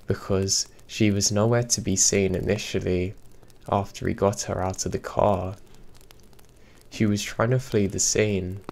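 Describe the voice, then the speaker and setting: A man reading true scary stories aloud in a steady, even storytelling delivery. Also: on the low side, vocal fry. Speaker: horror story narrator. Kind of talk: scripted narration.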